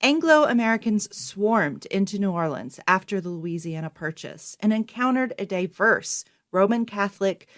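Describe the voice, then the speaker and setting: A woman reads a history script in a clear, measured way. Her voice sits at a middle pitch. She sounds like a podcast co-host. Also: expressive, a bit bright.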